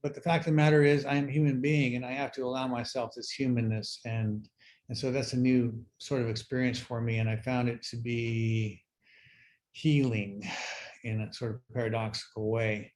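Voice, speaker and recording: A middle-aged man sharing his recovery story at a workshop, speaking in a halting, reflective way with many fillers and restarts. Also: mid-range voice, little pitch movement, darkish tone. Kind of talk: personal sharing talk.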